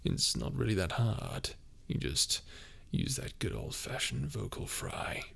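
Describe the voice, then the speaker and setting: A low, rumbling demon growl built from heavy vocal fry. It crawls along slowly and sits very deep, with a man putting it on. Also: huge pitch swings, a bit bright, heavily acted. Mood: calm demonstration. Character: low demonic male character, menacing.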